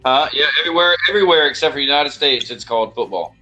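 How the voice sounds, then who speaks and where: A man's voice: medium pitch, lively intonation, very fast, bright, forceful tone, soft background music, rough recording. A man with a Southern US accent hosting a casual podcast chat, rambling and joking with many restarts. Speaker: podcast host.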